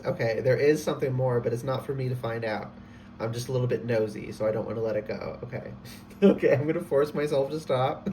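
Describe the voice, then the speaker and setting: A man giving a casual spoken tarot reading, excitable and emotional, gushing and laughing often. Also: medium pitch, recorded from a distance, a little hiss or hum. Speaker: tarot reader.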